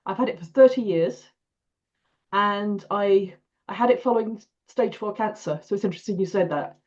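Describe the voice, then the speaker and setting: A woman's voice: mid-range voice, moderate pace, a little mellow, lo-fi sound. An older woman telling her own story over a video call, chatty, repeating herself and laughing often. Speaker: participant. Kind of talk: casual storytelling.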